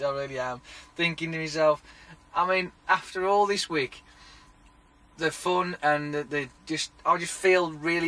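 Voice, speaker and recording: A man, telling a sweary, animated story in a casual vlog rant. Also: a little high. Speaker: vlogger.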